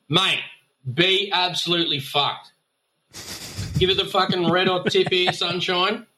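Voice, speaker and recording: An Australian man chatting on a podcast, rambling and profane. His voice is bright and forceful with a mid pitch. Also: flat delivery, a little slow, long pauses, slight background noise, poor audio. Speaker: podcast guest. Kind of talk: casual podcast chat.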